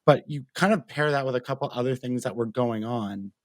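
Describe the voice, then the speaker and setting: A young mental health advocate with a Canadian accent tells his personal story as an interview guest, briskly and earnestly, with plenty of fillers as he talks freely. His medium-pitched voice is recorded dry.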